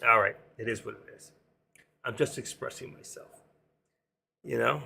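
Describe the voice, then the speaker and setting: A man in his sixties hosting a casual stock trading livestream, rambling and joking between chart calls, his voice going hoarse. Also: medium pitch, normal speed, long pauses, pushed and bright, a little hiss or hum. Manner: rambling, joking asides, sings snatches of songs. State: losing his voice. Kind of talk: casual live-stream market commentary.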